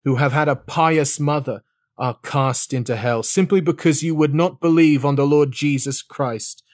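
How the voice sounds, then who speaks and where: A man's voice: medium pitch, no room sound. Man reading a fire and brimstone sermon, solemn, dry close sound. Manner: solemn, dramatic, shifting pace. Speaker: sermon reader.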